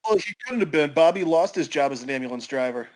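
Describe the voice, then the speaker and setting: A man spins a long comedic tale for his friends on a podcast. His pitch swings widely as he acts out the characters. He laughs as he tells it. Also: expressive, fast talker. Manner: acts out quoted voices, laughs mid-story. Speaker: podcast storyteller. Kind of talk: animated comedic storytelling.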